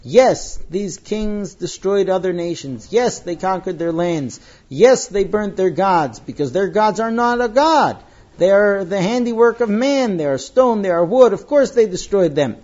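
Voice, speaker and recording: Brief: high, mellow-voiced man translating a sacred tale aloud as he reads, halting, on a dull lo-fi recording. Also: expressive. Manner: halting, with pauses, restarts and fillers. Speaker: reader translating a religious text. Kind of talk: reading aloud while translating on the fly.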